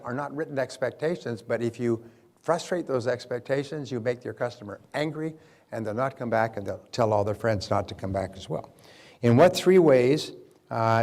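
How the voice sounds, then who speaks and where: Man speaking at a business seminar. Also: mid-range voice. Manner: animated storyteller, acts out quoted voices; addresses audience with questions. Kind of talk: business seminar talk with storytelling.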